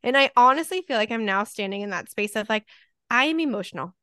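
A woman's voice: fairly high pitch, fast, sharp tone, smooth, dry recording, studio quality. A woman in her thirties, a podcast co-host, talking earnestly in casual chat and acting out her own inner thoughts.

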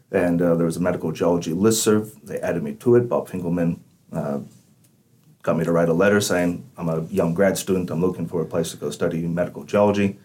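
Very low-pitched man, Texan accent, relaxed and chatty, podcast interview guest. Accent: Texan with a slight Irish-like lilt. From Texas, USA. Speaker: mining company managing director, guest.

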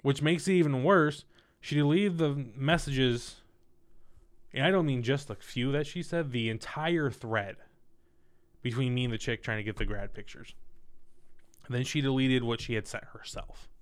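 A young man in conversation, recounting a messy personal story with blunt, swear-heavy candor. His voice sits at an ordinary middle pitch, and he jumps between retelling events and loud asides. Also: normal speed, clean tone. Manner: candid, profane, animated storytelling. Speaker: guest telling a story. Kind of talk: casual storytelling chat.

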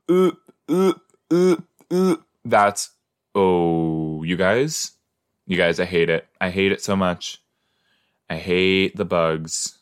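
A man with a deep, low voice hosts a casual watch-along podcast. He takes his time, reacting out loud with quick exclamations and groans of disgust. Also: clean tone. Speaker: podcast host.

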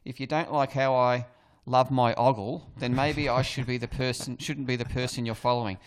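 A man's voice: mid-range voice, flat delivery, brisk. A man co-hosting a casual chat, laughing often as he retells quotes. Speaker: podcast co-host.

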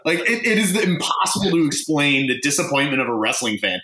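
A man with a fairly high, bright and lively voice rants in casual podcast chat, swearing freely. His pitch swings a lot as he talks. The sound carries an echoey room around him. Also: brisk. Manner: animated, swearing, exasperated ranting. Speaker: podcast co-host.

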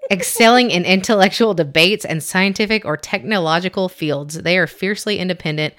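A woman's voice: on the low side, fairly bright tone. A woman co-hosting a podcast, chatting casually and reading a personality test aloud with stumbles and giggles. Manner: chatty, reads haltingly with giggles and self-corrections. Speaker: podcast co-host.

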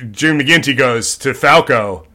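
A man's voice: medium pitch, measured pace. A man co-hosting a podcast, casually and animatedly retelling a film scene by scene. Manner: animated storytelling, acting out film scenes with quoted voices. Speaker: podcast co-host. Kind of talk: casual chat.

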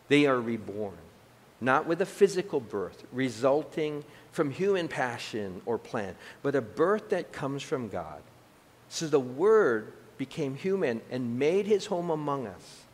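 Male pastor, lively and chatty sermon delivery, voice ringing in a reverberant hall. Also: mid-range voice, measured pace. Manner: animated, conversational preaching with asides.

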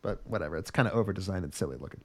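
A man's voice: deep voice, lively intonation, racing. A man co-hosting a podcast, recapping an anime in casual, joking, profane chat. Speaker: podcast co-host reviewing an anime.

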